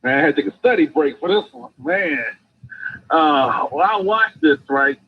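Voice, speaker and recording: A man phones in to a talk show from a muffled line with faint hiss behind him. His voice sits a little high. He talks fast and casually, sounding exasperated. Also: expressive. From Phoenix. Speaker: caller. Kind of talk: call-in talk.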